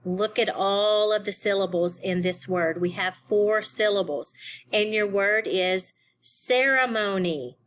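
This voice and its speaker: A woman leads a recorded phonics lesson for young students. She talks at a slow, careful pace and breaks each word into syllables and single letters. Her voice sits in a middle pitch. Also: fairly bright tone, slight background noise. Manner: slow, deliberate, spells words letter by letter. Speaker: teacher.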